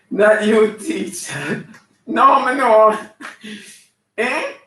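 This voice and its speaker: A high-pitched Jamaican man riffs through live comedy banter, sassy and flamboyant, scolding his audience like a preacher. His voice rings around an echoey room. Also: lively intonation, drawn-out words, fairly bright tone. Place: live show venue.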